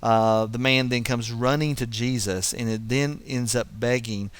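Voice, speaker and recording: A man's voice: mid-range voice, fairly even intonation, a little slow, clear, resonant tone. A man giving a verse-by-verse Bible teaching, explaining as he goes and often restarting his sentences. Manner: explanatory, thinking aloud with frequent restarts.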